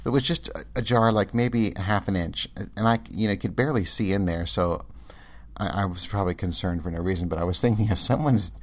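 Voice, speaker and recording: A man's voice: on the low side, fairly quick. A man rambling casually in a monologue, with many fillers and restarts, and ranting in exasperation.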